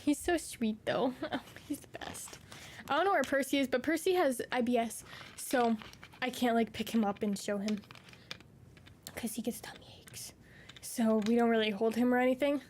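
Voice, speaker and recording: A woman's voice: fairly high pitch, normal speed, a little mellow, slight background noise. A woman streamer chatting casually with viewers from her room at home, gushing and doting, slipping into baby talk.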